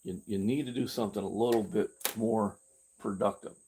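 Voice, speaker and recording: On a self-carried camera with a little hiss or hum, an older man runs a rambling, candid fitness live-stream with many restarts. He imitates his own past reactions in a mocking voice. His delivery is fairly low and dark in tone, with fairly even intonation and a moderate pace.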